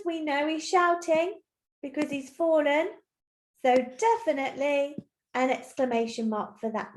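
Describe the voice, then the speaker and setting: A woman teacher giving a recorded lesson to young children, explaining clearly and patiently step by step. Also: sits high, a little mellow. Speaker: primary school teacher. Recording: roomy echo.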